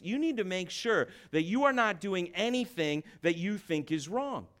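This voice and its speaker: A male pastor with a notably high voice delivers a fervent sermon. He preaches with emphatic force and repeats his words as he drives each point home. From United States. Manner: passionate, emphatic preaching with repetitions.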